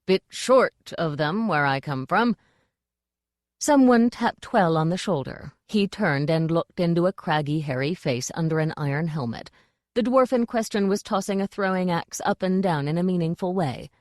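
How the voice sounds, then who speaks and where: A woman reading an audiobook in a measured storytelling manner. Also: on the low side, animated, darkish tone, no echo, clean studio sound. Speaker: audiobook narrator. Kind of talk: scripted audiobook narration.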